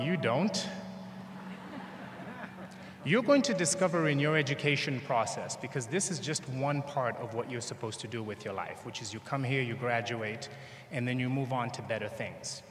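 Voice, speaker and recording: A man's voice: mid-range voice, normal speed, a bit bright. Zambian-accented male commencement speaker, storytelling, echoey reverberant hall, faint hiss. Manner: storytelling, acts out dialogue with humor. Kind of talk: motivational speech. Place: large convention hall.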